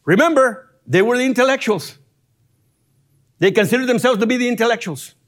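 A man teaching from scripture in an expository sermon, animated and chuckling as he explains grammar step by step. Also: very high-pitched, brisk. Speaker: Bible teacher.

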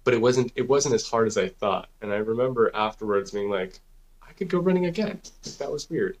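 A man's voice: fairly low pitch, fairly quick. A man co-hosting a podcast, telling a story in a rambling, casual way, swearing freely and saying "like" and "dude" a lot. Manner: rambling, profane, heavy use of "like" and "dude". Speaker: podcast co-host.

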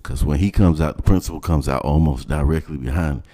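A man telling a personal story in a blunt, animated, casual way. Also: very deep voice, quick pace. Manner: animated, blunt, swears freely.

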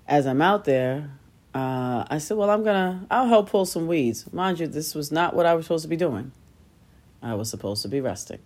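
A woman's voice: low voice, a little mellow. Chatty woman podcaster telling stories. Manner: chatty and self-deprecating, laughs at herself, acts out quoted voices. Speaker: podcast host. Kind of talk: casual solo podcast storytelling.

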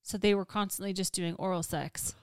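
A woman's voice: medium pitch, steady tone, brisk, smooth, no room sound. A frank woman in her thirties chats as a podcast co-host. She tells stories candidly and plainly. The recording is dry and close. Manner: frank, conversational storyteller. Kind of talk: casual chat.

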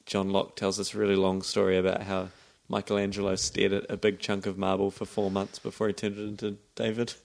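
A man's voice: lowish voice, monotone, creaky. A man co-hosting a podcast, chatting casually and laughing as he recaps a TV episode. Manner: laughs often, quick back-and-forth banter. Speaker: podcast co-host.

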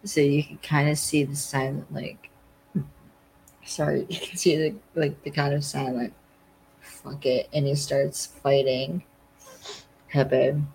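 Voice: mid-range voice, little pitch movement, unhurried, creaky, darkish tone, slight background noise, low-quality recording. A podcast host casually recapping a TV episode, rambling with lots of fillers and acting out the characters' lines. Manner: rambling, lots of "like", acts out quotes.

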